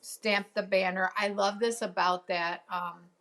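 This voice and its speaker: A chatty woman hosts a live crafting stream. Her mid-pitched voice has a gravelly fry running through it, and she wanders between topics, answering viewer comments as they come in. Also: steady tone, a little slow, fairly bright tone. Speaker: crafting show host.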